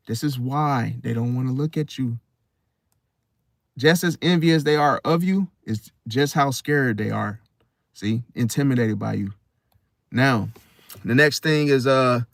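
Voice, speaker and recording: A man's voice: medium pitch, unhurried, creaky, dry recording, studio quality. A male channel host giving an emphatic casual monologue, repeating phrases and asking "See?".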